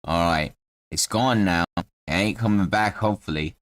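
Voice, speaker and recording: A man's voice: normal speed, a bit bright, dry recording. A man voicing a foul-mouthed male halfling with a put-on Cockney-style accent, grumbling and swearing. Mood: grieving, grumpy. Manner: swearing, rambling, grumbling low voice.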